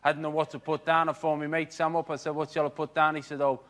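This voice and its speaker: A man from Liverpool with a Liverpool accent, telling a long stand-up anecdote on stage in a dry, deadpan way. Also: fairly high pitch, fast. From Liverpool, England. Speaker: stand-up comedian. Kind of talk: stand-up storytelling. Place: TV studio stage with audience.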